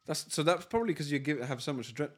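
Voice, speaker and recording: A man's voice: fairly high pitch, racing. A young man, co-hosting a podcast in casual, teasing chat full of slang. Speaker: podcast co-host.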